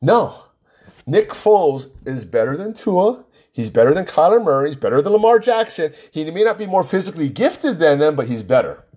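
A man's voice: on the high side, sing-song, normal speed, darkish tone, breathy edge. A man hosting his own podcast, arguing emphatically and repeating himself, with rambling fillers. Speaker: podcast host. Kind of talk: solo sports podcast rant.

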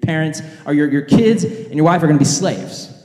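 Man voicing a casual-talking monarch, mellow, long hall reverb. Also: a little high, animated, moderate pace, natural voice. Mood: breezy. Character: powerful male king, generous then stern.

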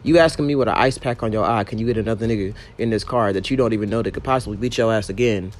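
A man's voice: lowish voice, rapid-fire, a little hiss or hum. A young man and rideshare driver retelling a story about a passenger in an exasperated, profane, emphatic rant.

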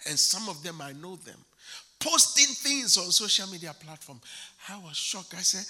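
A man's voice: animated, sharp tone. A male pastor preaching a sermon, emphatic and repetitive, building to a fervent rise. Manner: emphatic, repeats phrases, slows and rises to a fervent pitch.

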